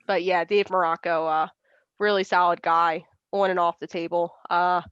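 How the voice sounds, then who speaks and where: A woman's voice: fairly low pitch, flat delivery, moderate pace, a bit bright, clear, resonant tone, no echo, lo-fi sound. A young woman in her twenties, an arm wrestler, chatting casually in an interview, laughing often and acting out quoted voices.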